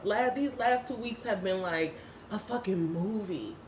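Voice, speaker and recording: A woman gives a casual, emphatic inspirational talk, slangy and full of swearing. Her voice sits at a medium pitch. A faint hiss of noise runs behind her. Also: a little slow, echoey room. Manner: emphatic, slangy, swears freely, laughs often. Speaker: spiritual vlogger and host.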